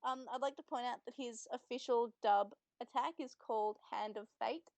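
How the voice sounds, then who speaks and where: A woman's voice: on the high side, steady tone, normal speed, darkish tone, no echo. A young woman co-hosting a podcast in casual chat, retelling scenes and quoting lines. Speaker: podcast co-host.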